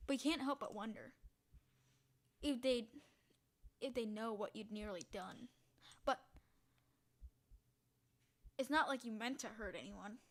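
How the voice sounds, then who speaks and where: A woman playing a text adventure, reading the story aloud in a hushed voice and breaking into loud, excited reactions. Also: fairly high pitch, measured pace, long pauses. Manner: reads narration quietly, bursts into loud excited reactions. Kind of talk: casual let's-play narration.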